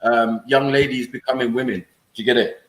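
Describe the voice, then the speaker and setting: A man's voice: mid-range voice, fairly even intonation, fairly quick, a bit bright. A man chatting as a panelist on a casual live panel, teasing the others. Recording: roomy echo.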